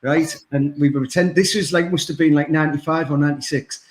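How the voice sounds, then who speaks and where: Male co-host, high voice, jokey storyteller, roomy echo. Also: steady tone, fairly quick, slight background noise. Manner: joking storyteller, laughs often. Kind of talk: casual banter.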